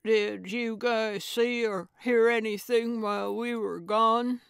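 Feisty, self-assured older female sleuth, voiced by a woman, brash and loud. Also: medium pitch, slow, no echo, clean studio sound, lightly acted.

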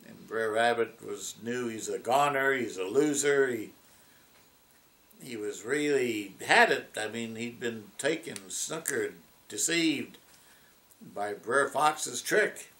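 Slow, deliberate male preacher. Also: medium pitch, sharp tone. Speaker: pastor. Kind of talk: sermon with storytelling.

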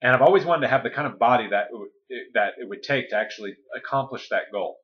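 A man's voice: medium pitch, fast, lo-fi sound. A man coaching listeners in a casual, conversational talk, often checking in with "okay?" and "right?". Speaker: weight-loss coach.

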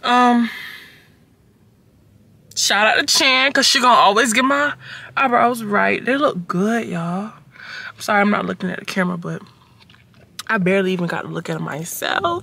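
A young woman vlogging from her car, chatting casually to her phone camera in a slangy, expressive way, swearing freely. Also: mid-range voice, measured pace. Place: inside a car, on the road.

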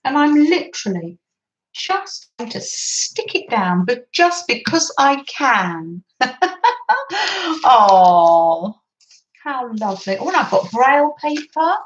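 A woman's voice: on the high side, sing-song, slow pace, muffled recording. A woman chatting through a craft session at her desk, gushing over papers and cooing about how lovely everything is. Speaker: craft vlogger. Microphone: camera on desk.

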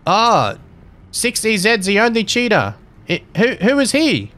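A man's voice: sits high, huge pitch swings, unhurried, fairly bright tone. A young man commentating his game live, cheeky and taunting, swearing freely. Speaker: gaming streamer and server admin.

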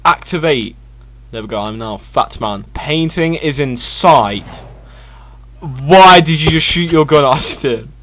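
Young male gamer, excitable and loud, high-ish voice that leaps all over the place. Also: slow pace, a crowd in the background. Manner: excitable, laughing, yelling at his teammate. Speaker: gaming channel host. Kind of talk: casual co-op gameplay commentary.

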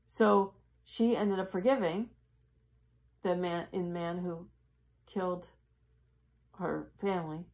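A woman in casual, earnest storytelling, halting and acting out the voices of the people in her story. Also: on the low side, fairly even intonation, a little mellow. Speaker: yoga teacher.

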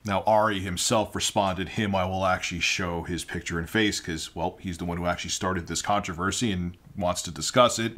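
A man's voice: low-pitched, steady tone, a little fast, hardly any pauses, fairly bright tone. A man giving ranting opinion commentary, indignant and heated, firing off rhetorical questions. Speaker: online commentator.

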